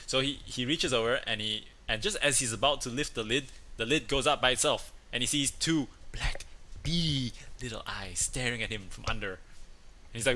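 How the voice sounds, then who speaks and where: Bright-voiced man chatting playfully. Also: on the low side, fairly quick, a little hiss or hum. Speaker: host. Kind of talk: casual chat, telling a joke.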